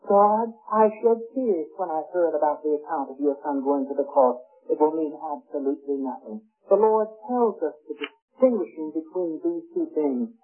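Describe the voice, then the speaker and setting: A man preaching a sermon, earnest and emphatic, rising hard on his key words. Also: sits high. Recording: tinny lo-fi radio broadcast with faint music.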